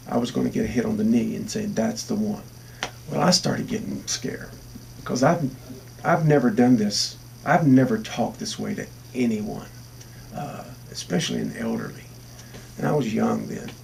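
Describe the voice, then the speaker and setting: A man's voice: medium pitch, vocal fry, darkish tone, distant mic, a little hiss or hum. A man telling a funny road story in a casual interview, acting out the quoted lines.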